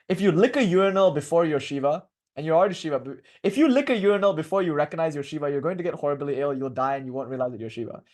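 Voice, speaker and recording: A man giving an informal lecture on devotional philosophy, animated and joking with his listeners. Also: a little high. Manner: animated, jokey asides and laughter, chanting at the close.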